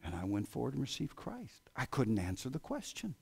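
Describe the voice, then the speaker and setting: A man preaching a sermon in a church, with an American accent, swinging between loud exclamations and hushed asides. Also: mid-range voice, wildly swooping pitch, brisk, vocal fry, breathy edge. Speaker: pastor. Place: church sanctuary.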